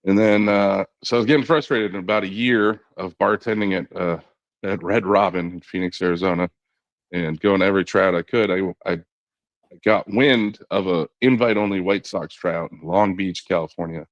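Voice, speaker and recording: A middle-aged man speaks in a very low, deep voice, recorded dry and close with no room sound. He tells a long story in an easy conversational way, slipping other people's words into his own voice and peppering it with "you know." It sounds like a relaxed podcast guest. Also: normal speed, no room sound, highs cut off. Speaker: podcast guest, former knuckleball pitcher.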